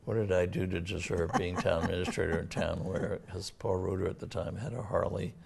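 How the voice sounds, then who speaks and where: Older Massachusetts man, very low and flat, husky and gravelly; halting town official on local TV. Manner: halting, many fillers and restarts. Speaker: town administrator. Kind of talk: casual local TV interview.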